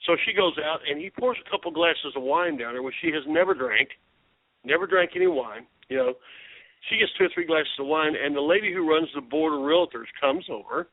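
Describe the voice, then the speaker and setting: Caller, man, lively storyteller who does the voices, somewhat high voice, dry tinny phone line. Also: fairly quick, no echo. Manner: animated storyteller, acts out quoted voices, laughs often. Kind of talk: casual phone chat retelling a book.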